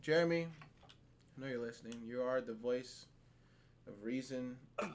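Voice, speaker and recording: A man hosting a casual podcast, talking in an animated, profane way and laughing often. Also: mid-range voice, a little slow, a little hiss or hum. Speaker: podcast host.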